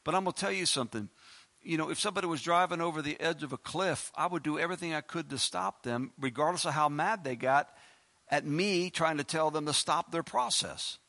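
Fiery preacher, bright tense voice. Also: male voice, fairly high pitch, fairly quick. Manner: emphatic preaching with pleading repetitions and sudden loud bursts; plain-spoken, folksy asides. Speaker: pastor. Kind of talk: sermon.

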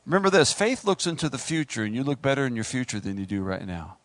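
A middle-aged male pastor preaching a sermon, animated, acting out voices and talking straight to the congregation. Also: mid-range voice, quick pace, dry recording.

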